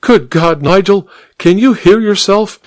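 A man voicing an aristocratic duchess, exasperated and shrill. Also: unhurried, dry recording. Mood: distraught. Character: distraught aristocratic duchess, woman, middle-aged.

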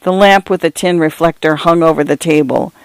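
A man narrates an audiobook in a steady, even storytelling manner. His voice sits a little higher than most men's. The recording is close and dry with no room echo. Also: fairly quick, clear, resonant tone. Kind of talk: audiobook reading.

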